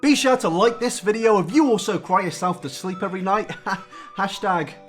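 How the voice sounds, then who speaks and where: A young man giving a satirical YouTube rant, mock-angry and sarcastic, jumping between loud outbursts and hushed asides. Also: sits high, normal speed, faint music behind.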